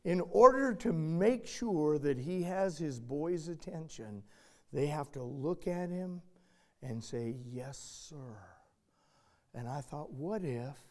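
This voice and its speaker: Older male preacher, higher-pitched voice, slow deliberate delivery, emphatic with sudden drops to a hush. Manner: emphatic, swinging from loud to hushed. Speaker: pastor. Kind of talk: sermon with storytelling.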